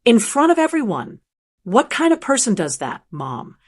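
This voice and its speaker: A woman's voice: a little high, huge pitch swings, normal speed, slightly rough, heavily acted. A woman voicing an angry grown son who accuses his mother of humiliating his wife, in a story narration. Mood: accusing. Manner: accusing, indignant.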